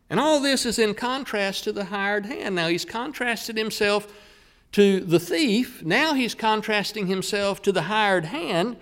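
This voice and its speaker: A man preaching a sermon, who slows down and leans hard on the words he wants to stress. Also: high-pitched.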